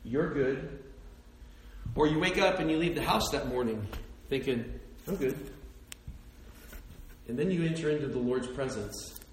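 A man preaching a sermon, dropping soft and low for hushed passages and climbing to near-shouts at the peaks. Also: lively intonation, brisk, reverberant, a little hiss or hum, rough recording. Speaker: pastor.

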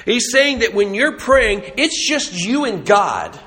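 A man's voice: high-pitched, lively intonation, slow, pushed and bright. A man preaching a sermon as a pastor, telling a story in a conversational way with humorous asides.

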